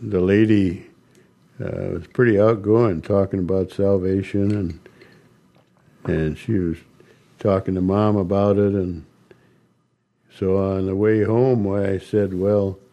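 Older man, low mellow voice, unhurried halting storyteller with chuckles. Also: steady tone, muffled recording. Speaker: interviewee recounting ministry. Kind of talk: storytelling interview.

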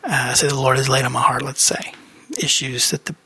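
Guy podcasting, husky bright voice, kinda rambly with lots of ums, dry sound. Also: mid-range voice, steady tone, fairly quick. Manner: rambling, many fillers and restarts. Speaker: podcast host. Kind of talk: casual personal update.

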